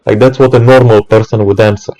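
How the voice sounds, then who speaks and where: A man's voice: on the low side, steady tone, fast, dark tone, rough recording. A man, an electrician, in an exasperated ranting monologue, swearing often and stumbling over restarts.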